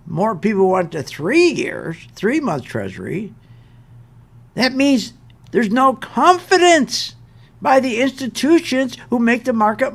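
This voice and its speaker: A very high-pitched, fairly bright voice with vocal fry belongs to an older man hosting an investment show. His market commentary is an animated rant, exasperated and emphatic, full of repetition.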